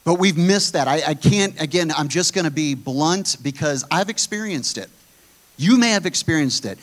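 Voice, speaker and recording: A man preaching a sermon, blunt and animated, often putting questions to his listeners. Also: on the high side, moderate pace.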